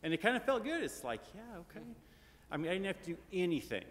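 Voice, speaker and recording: A man's voice: high-pitched, very animated, rapid-fire. Guy doing a laid-back eulogy for his grandma, ums and rights, big echoey church. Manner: casual and anecdotal, tag questions and fillers. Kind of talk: funeral eulogy. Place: large church sanctuary. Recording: long church reverb.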